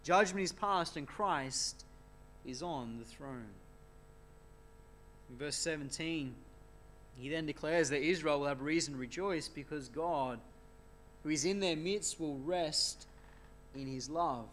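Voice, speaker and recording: A man's voice: on the high side, slow, pauses often, a bit bright, slight background noise. A man preaching an expository sermon in an earnest way, often asking rhetorical tag questions.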